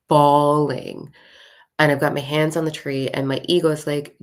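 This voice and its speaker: Speaking at normal speed in a low voice, a woman who creates spiritual content shares a personal spiritual story. She keeps it casual and animated, swears, and voices the characters herself.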